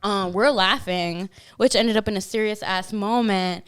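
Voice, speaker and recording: A young woman on a podcast, telling club stories in a blunt, profane, animated way. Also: medium pitch, unhurried, smooth. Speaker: podcast guest, dancer. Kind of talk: casual storytelling chat.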